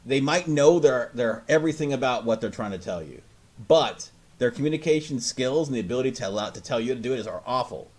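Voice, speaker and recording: Brief: male co-host, casual profane rant, very lively pitch, mimics people he quotes. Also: fast. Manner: animated, mimics voices in quoted asides. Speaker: radio show co-host.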